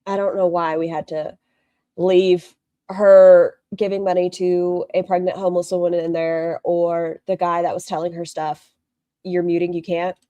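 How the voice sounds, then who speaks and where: A woman's voice: lowish voice, flat delivery, moderate pace, dark tone, dry recording. A woman giving casual, blunt and sarcastic reaction commentary on a video.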